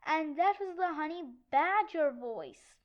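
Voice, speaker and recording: A woman's voice: high voice, animated, measured pace, lo-fi sound. A young adult woman reading a children's comic book aloud, switching between the voices of many kid characters. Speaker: read-aloud narrator.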